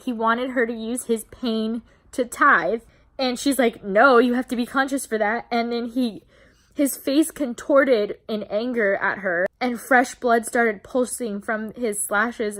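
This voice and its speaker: A young woman casually recapping a novel for her book channel, chatty and openly emotional, swearing now and then. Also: on the high side. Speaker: book vlogger.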